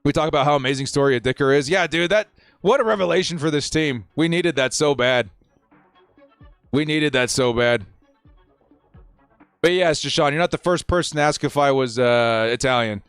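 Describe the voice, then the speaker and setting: Young guy running a live stream, laid-back and chatty, kinda high voice, dry sound with a little music behind. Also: normal speed, long pauses, fairly bright tone, clear, resonant tone, dry recording. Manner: chatty, answers chat questions, laid-back. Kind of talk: casual watch-party chat.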